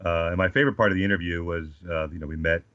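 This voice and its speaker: A man's voice: low-pitched, fairly even intonation, racing, a bit bright, no room sound. A man in his forties with an Australian accent, telling comic stories in a casual chat as a guest, with a dry joking manner. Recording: slightly dull lo-fi sound.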